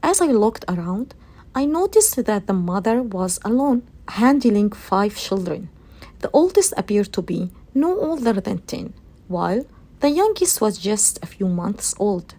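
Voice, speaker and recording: Warm, gravelly woman reading reflectively. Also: mid-range voice, very animated, unhurried. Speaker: listener telling a travel story. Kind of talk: reading a personal anecdote.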